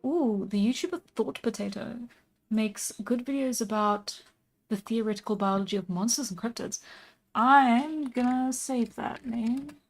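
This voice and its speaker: A young woman from South Africa chatting casually on a live stream while she draws, relaxed and quick to laugh, with plenty of fillers. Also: on the high side. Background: soft background music.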